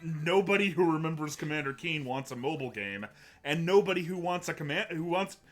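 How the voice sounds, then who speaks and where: Guy hosting a livestream, kinda high voice, rambles and restarts a lot, faint game music behind. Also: animated, a little fast. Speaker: host. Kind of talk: casual livestream chat.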